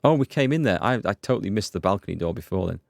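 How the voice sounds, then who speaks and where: A man's voice: on the low side, expressive, gravelly, no echo, studio quality. A man hosting a let's play, chatting and musing aloud as he plays. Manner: chatty, musing, quick to exclaim. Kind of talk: gameplay commentary and reading.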